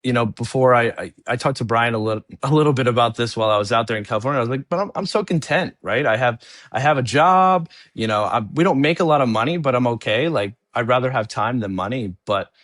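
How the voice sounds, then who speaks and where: A man's voice: medium pitch, fast talker, hardly any pauses, a bit bright, no echo, studio quality. A man in his thirties from New Jersey, a guest musician talking reflectively and easily in an interview, often saying "you know". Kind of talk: casual interview chat.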